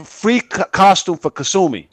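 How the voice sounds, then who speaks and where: A man's voice: high-pitched, lively intonation, normal speed, dry recording. A man from Puerto Rico on a gaming podcast panel, emphatic and swearing, asking "all right?" often. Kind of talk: casual panel chat.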